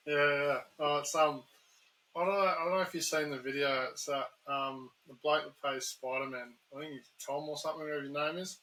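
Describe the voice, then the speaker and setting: A man with an Australian accent hosting a casual chat, easygoing and hesitant, often filling pauses with "um". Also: a little high, fairly even intonation, bright, forceful tone, rough recording. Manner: easygoing, hesitant, many ums. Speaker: podcast host.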